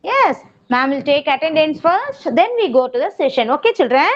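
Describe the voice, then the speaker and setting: A young woman with an Indian English accent teaching a nursery class online, coaxing small children in a slow, sing-song way over a video call. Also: sits high, big pitch swings. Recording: dull lo-fi video call audio.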